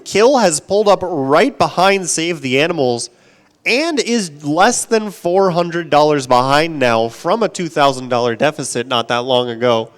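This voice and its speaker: A man reading out donations and urging viewers on during a live charity gaming stream. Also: on the high side. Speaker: donation reader. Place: event stage.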